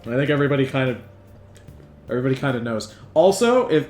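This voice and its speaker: A man's voice: medium pitch, very animated, quick pace, a little mellow, soft background music. A man playing a game and talking over it with crude jokes and lots of swearing. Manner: crude, joking, swears a lot. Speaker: let's player. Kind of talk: gaming commentary.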